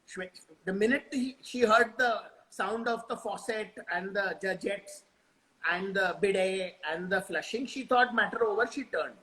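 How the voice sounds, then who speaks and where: A man with an Indian English accent telling an improvised funny story on a live stream, animated and slipping Hindi into his English. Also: high voice, low-quality recording.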